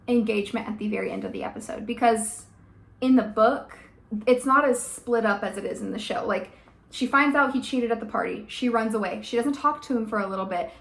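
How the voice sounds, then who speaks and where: Emphatic, chatty woman vlogger, higher voice. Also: fairly bright tone. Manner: emphatic, rants with many "like" and "okay?". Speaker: vlogger reviewing a TV adaptation. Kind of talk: casual opinionated commentary.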